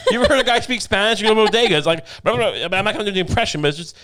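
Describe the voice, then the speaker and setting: A man's voice: high-pitched, racing, fairly bright tone. A young adult man hosting a podcast, rambling and cursing in casual comedic chat, laughing often. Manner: rambling, profane, laughs a lot. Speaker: podcast host.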